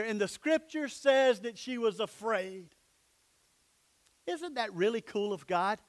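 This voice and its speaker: A pastor preaching a sermon in a church, emphatic, sometimes dropping to soft, low asides. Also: male voice, lively intonation, takes it slowly.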